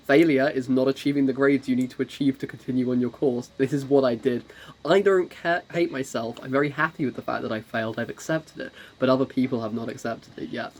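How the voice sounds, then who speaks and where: A woman's voice: extremely low pitch, fast talker, darkish tone. A young woman co-hosting a casual chat podcast, rambling and self-deprecating with lots of restarts. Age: young adult. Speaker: podcast co-host.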